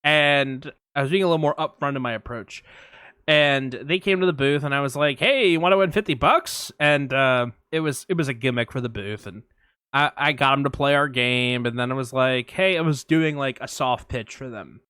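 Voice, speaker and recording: A man co-hosting a podcast, telling anecdotes in a casual, animated way and acting out voices and sounds. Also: mid-range voice, moderate pace, smooth, dry recording, clean studio sound. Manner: animated storyteller, acts out voices and sirens. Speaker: podcast co-host. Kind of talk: casual storytelling chat.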